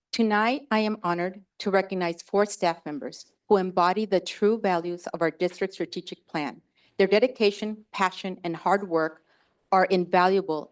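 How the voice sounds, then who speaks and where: Emotional woman honoring staff. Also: lowish voice. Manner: heartfelt, gets emotional and laughs between tributes. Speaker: preschool director. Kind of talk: presenting staff awards at a school board meeting. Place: school board meeting room.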